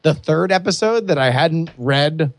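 A young adult man co-hosting a podcast, chatting casually and excitedly with many restarts. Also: on the high side, measured pace, no room sound. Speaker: podcast co-host. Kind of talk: casual chat.

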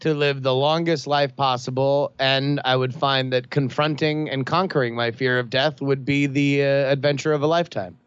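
A man's voice: medium pitch, fairly even intonation, moderate pace, hardly any pauses, clear, resonant tone, dry recording, muffled recording. A man in a comedic role-play, talking in a brash, pushy, jokey manner. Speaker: player.

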